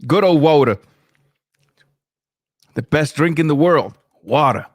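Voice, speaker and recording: A man's voice: on the high side, lively intonation, takes it slowly, dry recording, clean studio sound. A man hosting a casual live stream, reacting to boxing and chatting with viewers as he reads their comments.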